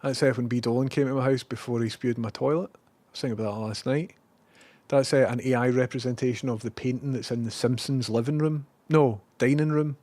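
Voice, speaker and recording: A Scottish man chatting casually on a live stream. He rambles, swears freely and now and then bursts out loudly. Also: medium pitch, fairly quick, dry recording. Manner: rambling and profane, with bursts of loud excitement.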